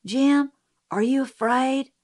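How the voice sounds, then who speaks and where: A woman's voice: sits high, slow pace, a little mellow, voice pushed up. A woman reading aloud, voicing a frightened barefoot young girl in plainspoken child talk. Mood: worried.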